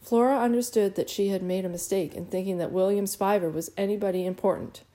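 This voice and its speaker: Mellow-voiced woman narrating an audiobook. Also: medium pitch. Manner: lively and expressive, with occasional stumbles.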